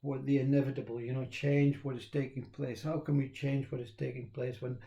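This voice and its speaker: A man, talking in a rambling, reflective monologue, laughing often and halting with fillers. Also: mid-range voice, level tone, creaky, warm tone, dull audio. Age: 60s.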